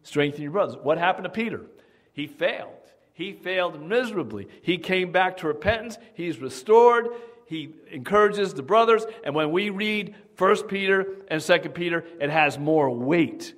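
Male pastor preaching, fairly high voice, keeps quizzing the congregation. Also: expressive, moderate pace, fairly bright tone. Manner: emphatic, asks the congregation questions. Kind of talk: sermon.

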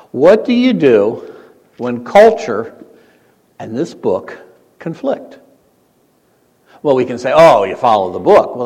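A man preaching a sermon as a pastor. He swings between emphatic, raised points and quiet, conversational asides. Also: medium pitch, breathy edge. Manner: animated preaching, rising to emphatic peaks and dropping to quiet asides. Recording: long hall reverb.

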